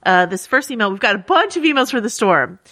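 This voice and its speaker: A woman's voice: fairly high pitch, big pitch swings, fast, sharp tone, dry recording, studio quality. A woman co-hosting a podcast, casually reading listener emails aloud with easy laughs and frequent fillers. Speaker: podcast co-host.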